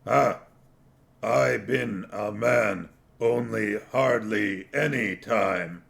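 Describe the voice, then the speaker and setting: A man doing Detritus, a slow gravelly troll. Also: fairly low pitch, a bit bright, heavily acted. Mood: fed up. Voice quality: slow, heavy, broken grammar. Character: slow, dim but stubborn male troll watchman.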